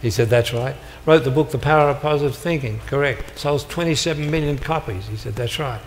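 A man's voice: mid-range voice, fairly quick, slight background noise. An older man giving a motivational talk to a live audience, telling stories and acting out the dialogue with punchy comic timing. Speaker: motivational speaker. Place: large hall before an audience. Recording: live hall recording with long reverb.

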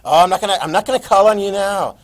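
A man teaching a history class, lecturing lively and quizzing his students as he goes. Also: high voice, fast talker, low-quality recording. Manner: lively, quizzing students and repeating key words.

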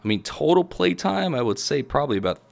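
A man hosting a gaming video, giving excitable gameplay commentary and shouting at the game. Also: fairly high pitch, fast talker, gravelly. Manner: excitable, yells at the game, chuckles. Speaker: gaming channel host.

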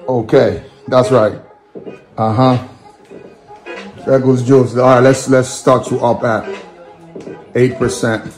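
A man's voice: medium pitch, flat delivery, slow, pauses often, a little mellow, faint music behind. A man in his thirties, a father cheering his family on in a playful home vlog. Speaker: father and vlogger. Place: home gym.

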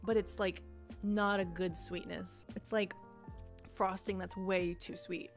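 A woman's voice: medium pitch, level tone, takes it slowly, faint music behind. Bubbly jokey young woman streamer. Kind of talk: casual taste-test chat.

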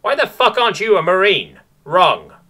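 A man's voice: a little high, very animated, normal speed, sharp tone, voice pushed up, exaggerated voice. A man voicing a brash, snooty female starship captain who lectures cadets in a mock-aristocratic bark.

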